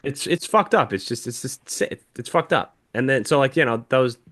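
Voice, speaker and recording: A man's voice: medium pitch, lively intonation, moderate pace, a bit bright. A young man, a podcast co-host, telling an emotional story in casual chat, swearing heavily as he talks.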